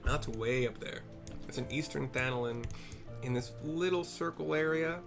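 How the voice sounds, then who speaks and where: A man narrates a game in a mid-pitched, chatty voice and corrects himself as he talks. Faint music plays behind him. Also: moderate pace, gravelly. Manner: chatty, self-correcting asides.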